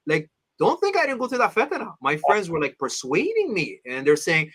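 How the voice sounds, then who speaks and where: A man in his thirties, an interview guest, telling personal stories in an animated way and acting out his friends' voices. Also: fast, few pauses. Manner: animated, acts out friends' voices with big pitch jumps; addresses host as "my beloved father". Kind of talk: storytelling in casual interview.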